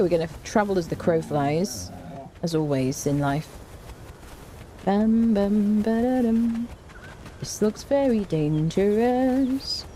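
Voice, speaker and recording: Chatty, lively woman gaming streamer. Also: a little hiss or hum. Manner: chatty, hums and sings little tunes while playing; excitable, jumps high in pitch. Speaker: streamer playing a survival game. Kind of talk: casual gameplay commentary.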